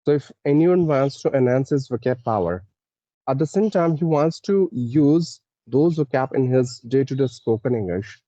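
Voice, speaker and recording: Man interviewer, mellow hesitant voice. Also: medium pitch, animated, dry recording, muffled recording. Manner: hesitant, many "uh" pauses, polite. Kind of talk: interview questions.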